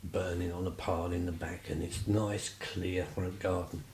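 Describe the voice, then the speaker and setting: Deep-voiced chatty man. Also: flat delivery, normal speed, darkish tone, roomy sound, a little hiss or hum, low-quality recording. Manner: rambling, chatty, many fillers. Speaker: vlogger. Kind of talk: casual storytelling.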